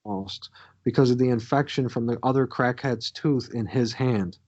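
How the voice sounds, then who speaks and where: A man's voice: medium pitch, normal speed, darkish tone, lo-fi sound. A man co-hosting a podcast, telling a crude, swear-filled story from his youth in a casual way. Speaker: podcast co-host.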